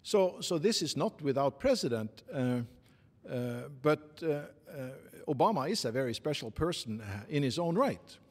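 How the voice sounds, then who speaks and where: A man with a Norwegian accent giving formal interview answers in a halting, measured way, with many pauses and fillers. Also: on the high side, lively intonation. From Norway. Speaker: interviewee, committee secretary. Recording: long reverb.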